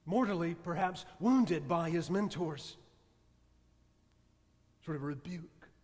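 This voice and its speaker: A man, a priest, preaching a sermon and telling a story in a soft, measured way with long pauses. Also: fairly high pitch, in a large hall.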